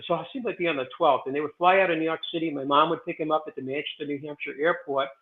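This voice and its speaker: 60s guy rambling on, lots of um and uh, kinda high voice, sounds like hes on a phone line. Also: steady tone, rapid-fire. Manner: rambling, digressive, frequent fillers and restarts. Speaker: guest, president of a historic stone site. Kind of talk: casual interview storytelling. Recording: tinny phone-like remote line.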